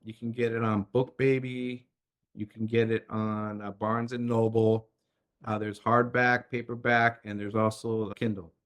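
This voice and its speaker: A middle-aged man, a coach and author, telling animated stories as an interview guest and acting out the dialogue he quotes. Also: mid-range voice, unhurried. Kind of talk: conversational storytelling interview.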